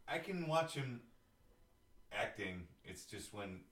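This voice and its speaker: A man's voice: fairly low pitch, expressive, slow, a bit bright, recorded from a distance. A man guesting on a casual chat, making dry, brief wry remarks. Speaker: podcast guest. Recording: roomy echo, off-mic.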